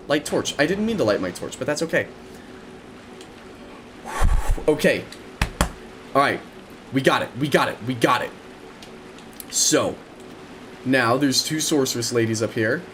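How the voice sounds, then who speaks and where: A young man gives a running commentary on his game, his voice jumping up and down as he reacts. He repeats words in quick bursts and stays chatty throughout. Faint game sounds play under him. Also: medium pitch, noisy background. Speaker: gaming streamer.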